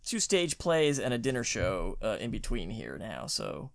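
A man's voice: lowish voice, normal speed, vocal fry, a little hiss or hum. A man co-hosting a casual book podcast, wry and joking as he talks things over from a home studio with a green screen. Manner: wry, animated, laughs often. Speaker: podcast co-host.

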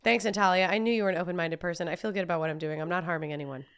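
A woman reading the lines of a gentle man who lives off scavenged food in a video game, mild and earnest, close to her own voice. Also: on the low side, steady tone, racing, smooth, lightly acted.

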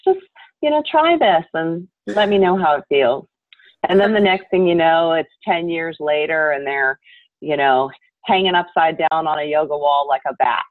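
A woman with a notably low voice explains yoga ideas in a calm, measured way. She comes through a thin, phone-like remote call line with a dry, close sound. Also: no room sound. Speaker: yoga teacher guest. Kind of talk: explanatory interview answers. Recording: tinny dry call audio.

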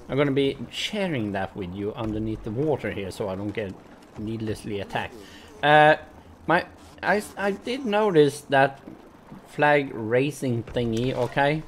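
A man's voice: medium pitch, fairly bright tone, slight background noise. A man doing let's play commentary, swearing a lot, yelping and shrieking in panic, stuttering as he talks to his viewers. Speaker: gaming channel host.

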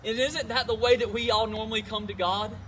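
Pastor, male, high voice, earnest and gentle prayer leader, faint noise in the background. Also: fairly even intonation, brisk, recorded from a distance. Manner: earnest, gentle, repeats words as he goes. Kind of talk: sermon and prayer. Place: church service.

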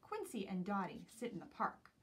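A woman teacher reading a picture book aloud to young children in an expressive storytelling voice. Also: medium pitch, normal speed, vocal fry, recorded from a distance, slight background noise. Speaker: preschool teacher.

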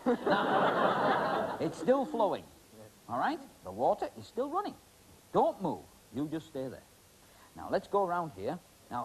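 A middle-aged man hosts a magic act on a studio stage, joking and teasing his volunteers. His voice sits a little high and swings widely in pitch. A faint hiss runs under the 1980s TV broadcast. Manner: joking, chatty, teasing, many fillers. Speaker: magician host. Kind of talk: comic stage patter with volunteers. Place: TV studio stage with live audience.

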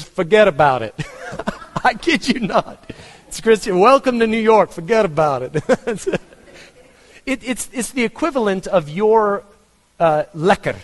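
A man's voice: high-pitched, in a large hall. A man with a Texan accent preaching a conversational sermon, asking his congregation questions. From Texas. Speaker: pastor.

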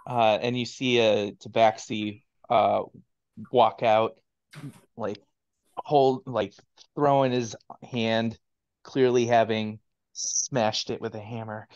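A man running a tabletop game as game master, narrating with many pauses and fillers. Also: fairly low pitch, steady tone, a little mellow, no room sound. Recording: dull lo-fi, dry.

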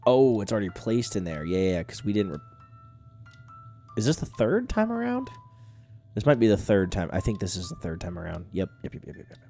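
A man's voice: lowish voice, huge pitch swings, brisk, mellow, faint music behind. Congested man rambling over a game. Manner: rambling, chatty, talks to the game. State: stuffed up with a cold. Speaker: gaming video host. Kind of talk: casual let's-play commentary.

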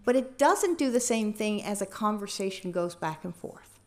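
A woman trainer leading a workshop, talking in a lively, conversational way and asking the room questions. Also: medium pitch, moderate pace. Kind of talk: teaching a workshop.

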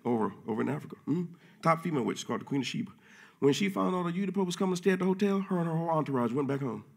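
A man preaching a sermon in church, casual and full of slang, swinging from low murmurs to loud shouting. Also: lively intonation, very fast, vocal fry. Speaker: pastor.

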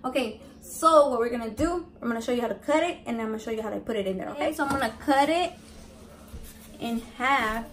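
High-voiced brash swearing woman cooking. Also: fast. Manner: brash, swears constantly, mixes in Spanish. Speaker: cooking vlogger. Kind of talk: casual cooking vlog. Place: home kitchen with family around. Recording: noisy kitchen recording.

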